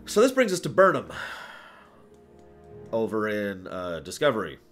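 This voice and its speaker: Animated opinionated male streamer. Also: on the low side, a little slow, soft background music. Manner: opinionated, rambling with restarts and sighs. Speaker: streamer host. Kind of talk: casual livestream commentary.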